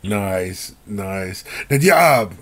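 A man's voice: fairly low pitch, animated, very slow, a bit bright. A man hosting a casual interview, laid-back and saying "man" often. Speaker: podcast host.

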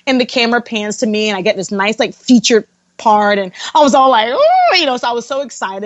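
A woman's voice: mid-range voice, no echo. A young woman animatedly telling a story in a casual interview, acting out the people she quotes. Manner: animated, quotes others in acted voices.

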